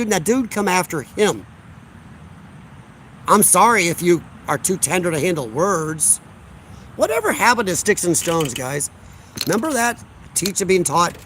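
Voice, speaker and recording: A man's voice: high-pitched, a bit bright, slight background noise. A man from Illinois hosting a casual livestream outdoors on a deck, reading chat aloud in a blunt, combative, sarcastic way.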